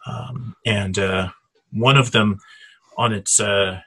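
Man, tabletop game master, husky low voice, halting delivery. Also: steady tone, fairly bright tone. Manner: hesitant, many fillers and restarts.

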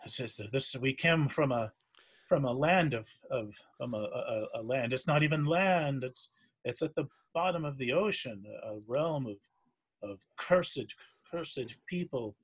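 A man voicing a frightened male sailor who stammers nervously in a husky voice. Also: medium pitch, expressive, measured pace. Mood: shaken. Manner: stammering, fearful.

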